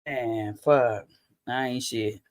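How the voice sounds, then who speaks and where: A man's voice: mid-range voice, fairly even intonation, takes it slowly, dry recording, studio quality. A man hosting a livestream, chatting loosely and profanely straight to his viewers. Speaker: livestream host. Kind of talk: casual livestream chat.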